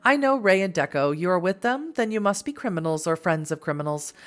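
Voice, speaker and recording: A woman's voice: lowish voice, animated, a little fast, close to an everyday voice. A woman voicing a stern older woman who runs a shelter, curt and disciplined.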